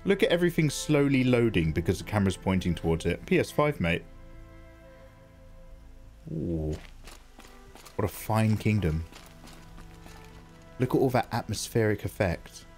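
A man chatting through live gameplay, excitable and jokey, thanking viewers as he plays. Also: fairly low pitch, a little slow, pauses often, soft background music. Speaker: gaming streamer.

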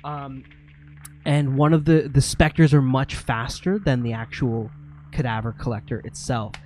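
A man's voice: medium pitch, unhurried, a little mellow, a little hiss or hum. A man running a tabletop game as game master, narrating vividly and mimicking sound effects.

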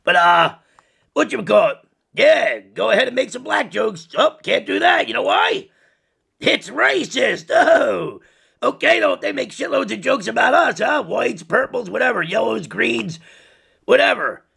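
A man's voice: extremely high pitch, very animated, a little slow, creaky, pushed and bright, breathy edge, heavily acted. A man voicing a crude, foul-mouthed purple dinosaur who rants profanely at kids in a parody monologue. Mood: profane ranting. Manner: ranting, profane, lecturing kids.

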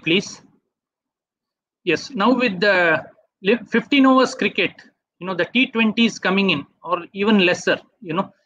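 A man giving a webinar talk, walking through slides in a measured way. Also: high-pitched, a bit bright, no room sound. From India. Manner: measured, asks for next slide often. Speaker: webinar speaker. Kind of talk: slide presentation lecture. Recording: dull dry online audio.

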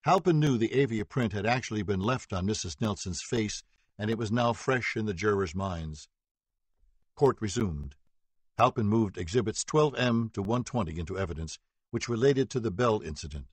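Low husky male audiobook narrator. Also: lively intonation, moderate pace, no room sound. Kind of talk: scripted narration.

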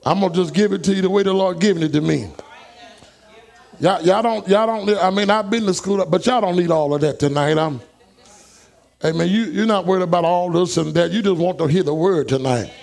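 Fervent high-voiced preacher, gravelly. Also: male voice, fairly quick. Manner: fervent preacher, rising into shouts and high whoops. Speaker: pastor. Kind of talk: sermon. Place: church sanctuary.

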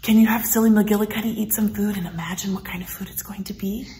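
At home, a woman teaches children a music and movement lesson, speaking fast in an animated, sing-song style and coaxing them to join in. Her voice is mid-range, and the distant mic picks up an echoey room.

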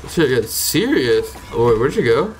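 A young man giving live gameplay commentary as a streamer, excitable, swearing and thinking out loud as he plays. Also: mid-range voice, normal speed, slight background noise.

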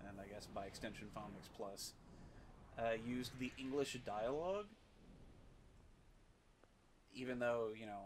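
A man's voice: lowish voice, a little hiss or hum. A man giving casual let's play commentary while gaming, rambling with many fillers and swearing freely. He talks his way loosely through the game as he plays.

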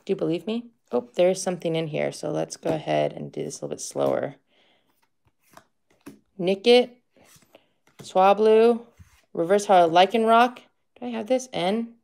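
A woman's voice: medium pitch, very animated, normal speed, vocal fry, long pauses, darkish tone. A woman in her fifties streaming card-pack openings, chatty and gushing, shrieking with joy at big pulls. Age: 50s.

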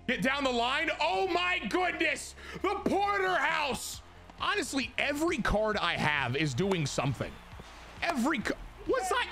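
A young man hosting a gaming channel, giving excited commentary on his baseball video game and cheering and shouting at the plays. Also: fairly high pitch. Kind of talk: excited live gameplay commentary.

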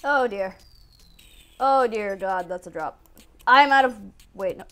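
A young woman giving excitable gameplay commentary into a desk mic, talking to herself with lots of exclamations. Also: medium pitch, a little slow. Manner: excitable self-talk, frequent exclamations and laughs. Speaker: gaming channel host. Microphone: desk microphone.

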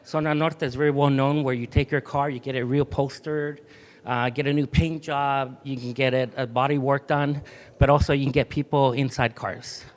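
A middle-aged man from Mexico, an artist and museum curator, leading a group through a gallery with a relaxed manner and many ums. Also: medium pitch, normal speed. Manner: relaxed, with frequent ums and restarts. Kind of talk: gallery tour talk to a group. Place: inside an art museum gallery.

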